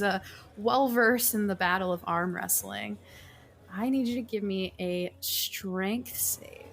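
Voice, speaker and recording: A woman narrating a tabletop game as game master, lively and quick to laugh. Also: mid-range voice.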